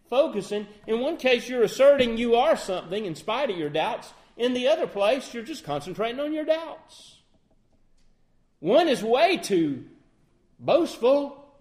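A man's voice: high-pitched, a little mellow. A middle-aged man preaching a sermon in an earnest way, often asking his listeners questions and acting out sample phrasings. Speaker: lay preacher.

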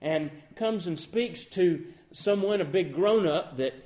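Guy preaching a sermon, fairly high voice, earnest, gets loud then goes soft and thoughtful. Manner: earnest, rising to emphatic peaks then quieting to soft reflection; quotes King James scripture in measured cadence.

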